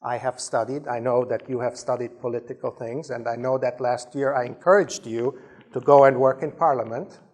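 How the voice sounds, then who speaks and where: A man's voice: mid-range voice, fairly even intonation, moderate pace, darkish tone. A man from Germany giving a talk to ministry leaders, telling stories with frequent restarts. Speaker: speaker at a leadership training.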